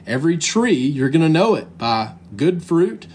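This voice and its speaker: A man's voice: on the high side, very animated, normal speed, darkish tone, slight background noise. A man preaching a sermon in an earnest, emphatic way, reading scripture aloud. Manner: earnest, emphatic preaching, reads scripture in King James wording.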